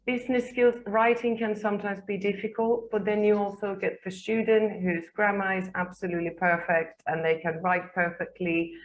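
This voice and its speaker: A woman's voice: low voice, dull audio. A native English-speaking woman answering as a panelist in a webinar, speaking emphatically with frequent ums.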